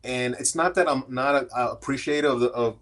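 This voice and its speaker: A man's voice: medium pitch, fairly quick, a bit bright. A man, a guest in an interview, talking candidly and earnestly about his own work life and slipping into quoted voices as he tells it. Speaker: guest, AI strategist. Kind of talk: conversational interview storytelling.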